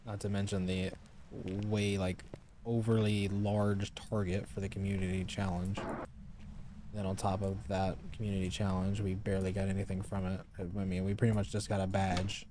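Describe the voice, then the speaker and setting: Male game streamer, lowish mellow voice, chatty live commentary at a desk mic, grumbles about updates. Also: little pitch movement, moderate pace, a little hiss or hum. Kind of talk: casual live gameplay commentary.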